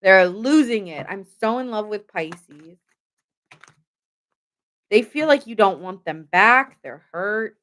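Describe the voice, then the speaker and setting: A woman's voice: mid-range voice, animated, slow, long pauses, fairly bright tone. Young woman tarot reader, loose and chatty, laughs easily, mid-range voice. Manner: chatty and rambling, lots of "like", laughs often; chats with viewers in the comments. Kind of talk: casual live tarot reading.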